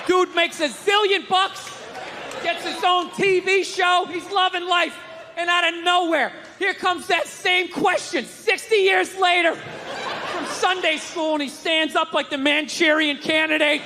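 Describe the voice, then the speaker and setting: Loud, ranting comedian on a live stage. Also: male voice, very high voice, fairly even intonation, moderate pace, in a large hall, a crowd in the background, background noise. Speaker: stand-up comedian. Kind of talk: stand-up comedy set. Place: stage before a live audience. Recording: live comedy club with audience.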